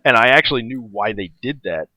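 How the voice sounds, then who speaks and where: Give me a halting, rambling man with a lively voice. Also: mid-range voice, no echo. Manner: rambling, halting, full of hesitations. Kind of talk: casual comedy chat.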